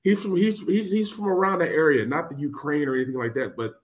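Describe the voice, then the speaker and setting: A man's voice: fairly high pitch, steady tone, quick pace. A man co-hosting a casual sports talk show, easygoing and full of "man" and "bro". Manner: laid-back, peppers talk with "man" and "bro". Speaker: co-host. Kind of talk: casual sports radio chat.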